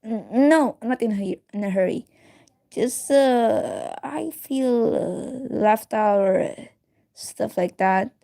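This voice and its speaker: A woman's voice: fairly high pitch, slow pace, creaky, warm tone. A woman casually reading a fan story aloud, often stumbling, restarting words and giggling between lines. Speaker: reader of a story.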